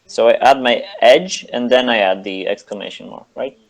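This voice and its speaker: A man's voice: medium pitch, moderate pace, low-quality recording. A man playing at a tabletop game, asking hesitant questions about the rules. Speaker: player. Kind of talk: casual chat at a game table.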